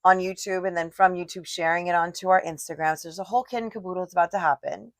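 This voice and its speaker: A woman's voice: fairly low pitch, fairly even intonation, quick pace, no room sound. Giggly woman co-hosting a chat. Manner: giggly, playful, laughs often. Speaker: podcast co-host and yoga teacher. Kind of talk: casual chat.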